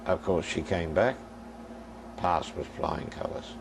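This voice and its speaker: Older male preacher with a gravelly voice. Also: low voice, takes it slowly, slight background noise, poor audio. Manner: storytelling preacher acting out dialogue, addressing the congregation directly. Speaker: minister. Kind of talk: sermon.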